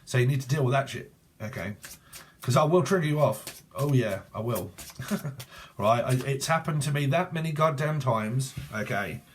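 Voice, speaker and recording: Blunt, profane tarot reader. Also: male voice, mid-range voice, expressive, moderate pace, a little hiss or hum. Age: 40s. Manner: blunt and profane, laughs often. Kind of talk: casual online tarot reading.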